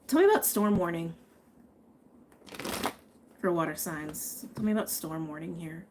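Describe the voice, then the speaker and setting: A woman's voice: lowish voice, a little slow, background noise. A woman giving a live tarot and astrology reading, chatting and thinking aloud, often checking in with "okay?". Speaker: tarot reader.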